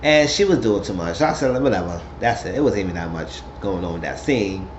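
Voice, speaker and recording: A man's voice: lively intonation, brisk. A man recapping a reality show episode in casual, gossipy storytelling. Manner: chatty storytelling, puts on high voices quoting people. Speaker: recap vlogger. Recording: roomy, dull lo-fi sound with faint hiss.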